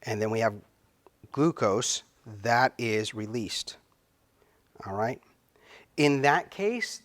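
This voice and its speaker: A middle-aged man with a mid-range voice delivers a recorded biochemistry lecture. His speech is halting and full of fillers, and he stretches out key words.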